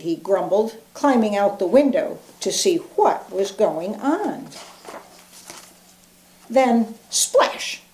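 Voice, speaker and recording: An older woman, a grandmother, reading a picture book aloud in a gentle, expressive way. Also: medium pitch, slow, reverberant. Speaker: grandmother storyteller.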